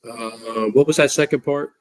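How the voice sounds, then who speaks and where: A man's voice: mid-range voice, steady tone, moderate pace, no echo. A man in his fifties, a podcast guest, answering in a joking, rambling way and telling stories. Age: 50s. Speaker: guest hunter. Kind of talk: casual interview chat.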